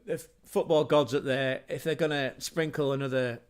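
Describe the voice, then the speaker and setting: A man's voice: mid-range voice, fairly even intonation, moderate pace, clear, resonant tone. A man hosting a casual football livestream, chatty and rambling, with self-mocking asides. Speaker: football podcast host.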